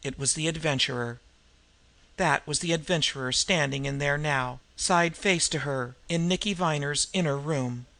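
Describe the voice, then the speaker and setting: A man narrating a novel in a steady, measured audiobook reading. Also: fairly high pitch, gravelly. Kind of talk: scripted narration.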